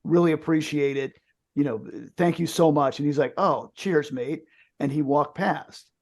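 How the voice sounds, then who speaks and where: A man's voice: fairly high pitch, fairly even intonation, moderate pace, a little mellow. A man from the United States, a podcast co-host, telling a jokey story in casual chat.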